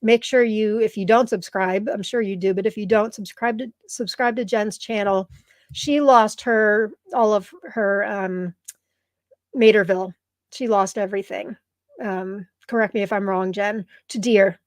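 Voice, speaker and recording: A woman's voice: medium pitch, steady tone, unhurried, no echo. A woman hosting a live stream in casual chat, gushing and reading viewer comments aloud, tearful at times. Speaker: live show host.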